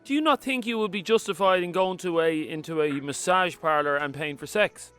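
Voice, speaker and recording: A man co-hosting a radio phone-in, teasing and mock-serious in quick banter. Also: high voice, a bit bright, clear, resonant tone, soft background music. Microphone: studio microphone.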